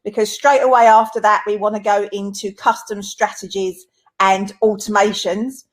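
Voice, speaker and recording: A woman with a strong Essex accent co-hosts a live online training. Her voice sits at an ordinary pitch, and she explains things in an orderly, conversational way. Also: level tone, moderate pace. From England. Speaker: co-host of a live training webinar. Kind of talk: casual live-stream chat.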